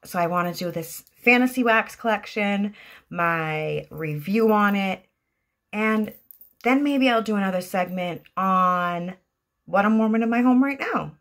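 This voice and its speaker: A woman's voice: mid-range voice, lively intonation, measured pace, fairly bright tone. A woman with a Boston accent giving a chatty, enthusiastic product review at home, gushing about each item. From Boston area, US. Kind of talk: casual product review vlog.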